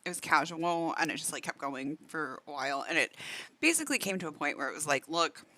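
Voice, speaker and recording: A woman's voice: low-pitched, expressive, quick pace, sharp tone, no room sound. A woman streamer chatting casually while reacting to a video, filling her talk with "like" and laughing often, sometimes talking with food in her mouth. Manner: talks while eating.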